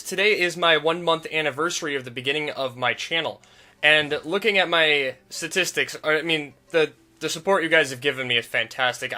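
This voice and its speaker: A man's voice: a little high, pushed and bright. A young man hosting a video game channel, talking casually and self-deprecatingly, with restarts and giggles. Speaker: gaming YouTuber. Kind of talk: casual gameplay commentary. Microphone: desk mic.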